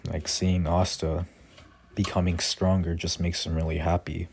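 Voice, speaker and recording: A man's voice: low voice, little pitch movement, normal speed, a little hiss or hum. A young man casually retelling his own fan story, rambling with many fillers and restarts. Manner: reads character lines quietly without voices.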